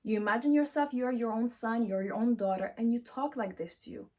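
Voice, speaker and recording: A woman's voice: a little high, fairly quick, warm tone. A woman giving a motivational self-help talk, emphatic and affirming, who repeats encouraging phrases and speaks English with slightly non-native grammar.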